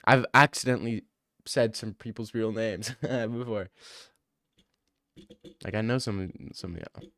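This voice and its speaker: A man's voice: fairly low pitch, takes it slowly, long pauses, fairly bright tone, no room sound, clean studio sound. A man in his twenties streaming, reading chat aloud and bantering and joking back at it in casual talk.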